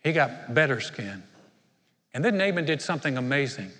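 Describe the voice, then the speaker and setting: A pastor preaching a sermon to a congregation, retelling a story in lively fashion and acting out the characters. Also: male voice, medium pitch, moderate pace, in a large hall. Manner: animated storytelling, acts out characters.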